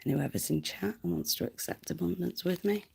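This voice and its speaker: A woman's voice: fairly low pitch, a little fast, gravelly, mellow, breathy edge. A woman chatting casually on a livestream, giggly and often dropping to a whisper, close to the mic.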